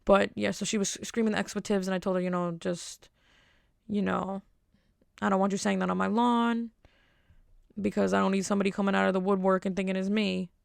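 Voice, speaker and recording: Woman podcast host, gravelly voice, dry close sound, rambling casual storytelling, wry asides. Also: mid-range voice, level tone, fairly quick, no echo.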